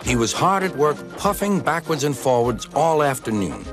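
A man reading a children's storybook aloud in an expressive way. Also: a little high, normal speed. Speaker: narrator. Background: music.

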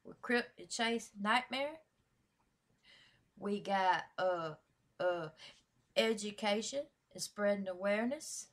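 A woman hosting a reaction video, talking at an unhurried, drawn-out pace in mid-range pitch. She chats in loose slang, swears freely and fires off shout-outs with hype. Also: expressive. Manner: slangy, hyped, profane, lots of shout-outs. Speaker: YouTube reaction host. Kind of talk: casual reaction vlog chat.

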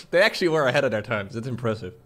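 A man hosting a casual gaming stream, upbeat and quick to laugh. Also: mid-range voice, fairly bright tone. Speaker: streamer host.

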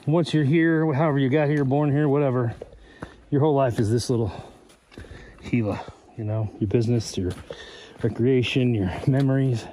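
A man's voice: mid-range voice, dark tone, a little hiss or hum. A man narrating a casual hiking vlog outdoors on a mountain trail, rambling and chatty, talking into a handheld camera. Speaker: hiking vlogger.

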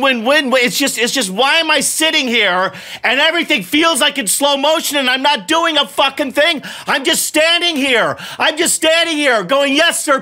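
A man's voice: very high voice, pushed and bright. A middle-aged man playing a video game, swearing often and rambling in broken restarts as he grows frustrated. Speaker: gamer playing while his son coaches. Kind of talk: frustrated live gameplay commentary.

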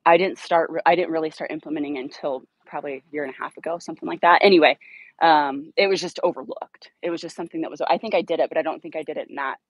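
Blunt, husky-voiced woman dog trainer. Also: sits low, fast talker, no echo, low-quality recording. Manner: direct, blunt coaching with upbeat praise to dogs. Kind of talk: outdoor training demo and explanation. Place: outdoors in a yard.

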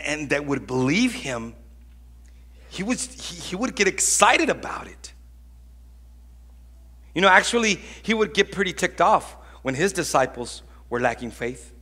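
A man preaching a sermon as pastor, telling stories in an animated, conversational way with acted-out voices. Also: on the high side, slightly rough. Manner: conversational, with frequent restarts.

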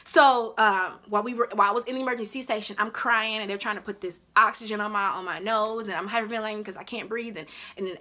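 A woman sits telling a personal story to her channel. Her voice is bright and forceful, and she grows animated as she relives events. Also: medium pitch. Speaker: vlogger recounting her childbirth.

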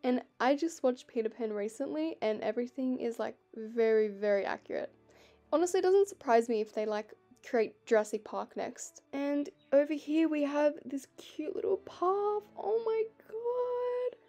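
Gushing young woman, mellow higher voice. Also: moderate pace. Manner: gushing, excitable, frequent gasps. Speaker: gaming vlogger. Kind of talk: game walkthrough commentary. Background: faint background music.

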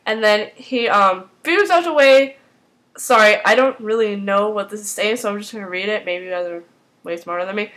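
A woman casually recapping a TV episode, rambling and excitable, filling her talk with "like". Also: medium pitch, a little fast, rough recording. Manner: rambling and excitable, heavy use of "like".

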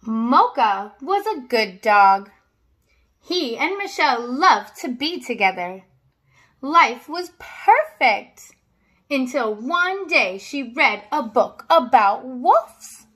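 High, lively woman reading a story. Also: takes it slowly. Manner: expressive, with asides to the listeners. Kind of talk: reading a children's story aloud.

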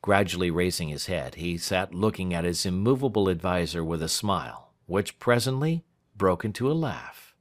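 A man narrating a classic story for English learners in a slow, clear, expressive reading. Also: low voice.

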